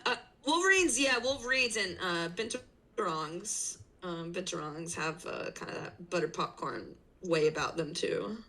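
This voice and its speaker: A woman's voice: on the low side, animated, a little slow, a bit bright, low-quality recording. A woman talking casually about her zookeeping work on a stream, chatty with plenty of fillers, over a video call. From not from the city she lives in. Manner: chatty, lots of fillers and likes. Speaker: zookeeper guest.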